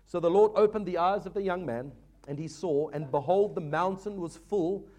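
A man's voice: high-pitched, normal speed, darkish tone. A man preaching a sermon as pastor, earnest and exhorting, often addressing the congregation as folks.

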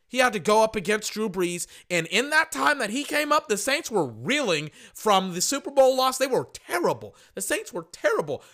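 Casting: hoarse male podcast host, sports rant, high and bright voice, emphatic and repetitive. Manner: passionate and emphatic, heavy repetition. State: hoarse, losing his voice.

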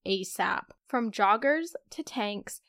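A woman reads a scripted sponsor spot in an upbeat, promotional way. Her voice is smooth and clear at a middle pitch. The recording is dry and close. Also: expressive, slow, fairly bright tone, no room sound. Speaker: ad reader.

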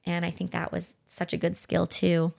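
A middle-aged woman talks on a podcast in a low, gravelly voice. She is gentle and earnest, thinking aloud about personal experiences and sometimes acting out what she once thought. Her pace stays unhurried. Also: monotone. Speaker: podcast co-host. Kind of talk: heartfelt conversational podcast talk.

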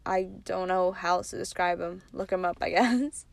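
A woman's voice: on the low side, moderate pace, gravelly, no echo. A young woman hosting a casual solo podcast, chatty and rambling with lots of fillers, her voice a little worn. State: losing her voice. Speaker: podcast host.

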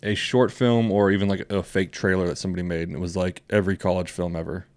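A man's voice: sits low, little pitch movement, fast talker. Rambling, laughing young man telling stories. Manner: rambling storyteller, laughs often. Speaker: podcast co-host. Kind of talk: casual chat.

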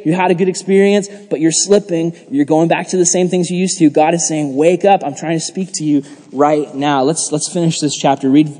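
Chatty, high-voiced young youth pastor in a hall. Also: male voice, warm tone. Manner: chatty, jokey, lots of "like", laughs while telling stories. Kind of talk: casual youth sermon.

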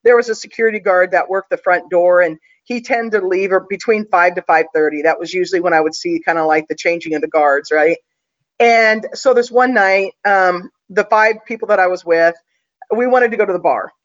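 A woman's voice: lowish voice, moderate pace, muffled recording. A woman guest telling a story in a casual, confident, chatty way, with plenty of fillers.

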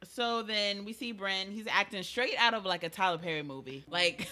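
A woman's voice: mid-range voice, animated, a little fast, hardly any pauses, over loud music. A woman co-hosting a podcast, recapping a show in casual chat, laughing often and acting out the characters' lines. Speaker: podcast co-host.

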